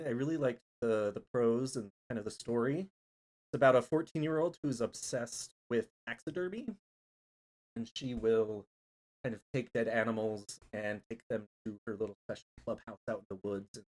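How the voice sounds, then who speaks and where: A man's voice: medium pitch, darkish tone. A man co-hosting a horror podcast, chatting casually and bluntly, laughing often. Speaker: podcast co-host. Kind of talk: casual chat.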